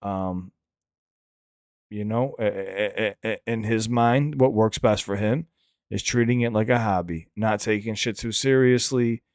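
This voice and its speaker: A man's voice: lowish voice, unhurried, a little mellow, clear, resonant tone, no room sound, studio quality. A man hosting a reaction channel who also raps. He gives casual, candid commentary that rambles, restarts often and swears freely. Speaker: reaction channel host and rapper.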